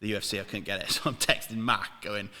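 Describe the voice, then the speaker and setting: A man from Wales tells sweary anecdotes on a casual podcast, laughing as he goes. His voice is bright. The room behind him rings with a long reverb. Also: on the low side, fairly even intonation, fast. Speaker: podcast co-host.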